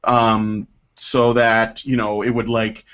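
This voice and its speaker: A man's voice: on the low side, little pitch movement, takes it slowly, a bit bright, smooth. A man hosting a casual podcast, rambling with many fillers and swearing freely while reading listener mail. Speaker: podcast host. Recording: dull lo-fi podcast audio.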